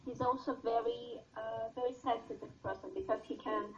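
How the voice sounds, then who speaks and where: A woman's voice: fairly high pitch, level tone, a little fast, soft background music, poor audio. Woman student answering in class with hesitations. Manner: hesitant, searching for words.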